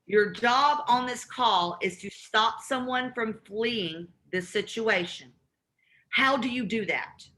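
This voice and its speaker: Bright-voiced Southern woman teaching cold calls. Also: fairly high pitch. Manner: animated, demonstrates cold calls by role-playing both sides. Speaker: real estate investing trainer. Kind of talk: live training call.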